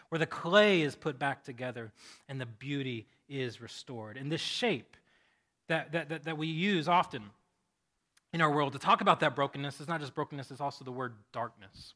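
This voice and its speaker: A man's voice: fairly high pitch, pushed and bright. A man pastor giving a conversational sermon, telling stories animatedly with frequent restarts.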